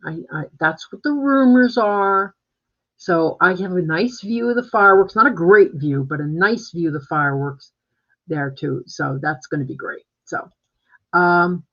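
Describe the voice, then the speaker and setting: A man's voice: fairly high pitch, fairly bright tone. Chatty man on a dull lo-fi stream. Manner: rambling and chatty, full of fillers and restarts. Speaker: real estate agent. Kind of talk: casual live-stream chat. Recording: dull lo-fi live-stream audio.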